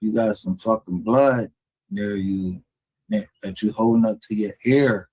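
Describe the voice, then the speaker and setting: A man's voice: on the low side, a little slow, a little mellow, slightly rough, poor audio. A man hosting a livestream, rambling in casual, profane commentary and laughing often. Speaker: livestream show host.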